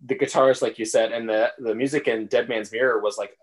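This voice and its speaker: A man's voice: mid-range voice, fairly even intonation. A man co-hosting a casual podcast, joking and laughing as he recaps an episode. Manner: jokey, laughs often, talks in quick bursts. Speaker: podcast co-host. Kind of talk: casual chat.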